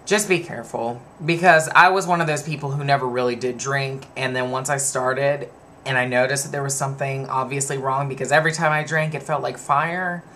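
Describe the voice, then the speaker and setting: A man's voice: medium pitch, steady tone, fairly quick, pushed and bright, a little hiss or hum. A man in his twenties talking casually to camera in a vlog, rambling and digressing as he tells a personal story. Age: 20s. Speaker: vlogger.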